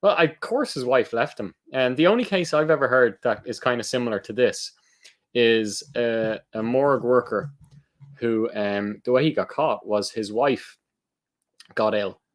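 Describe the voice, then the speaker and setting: A man's voice: mid-range voice, a little slow. A tired man co-hosting a podcast, teasing and asking questions in casual chat. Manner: teasing, asks questions, jokes. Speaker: podcast co-host.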